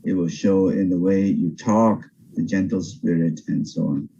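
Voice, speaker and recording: Older pastor, dull video-call sound. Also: male voice, low voice, gravelly, breathy edge. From Singapore. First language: Teochew. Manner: animated, pauses and restarts often. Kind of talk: Bible study teaching. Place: home over video call.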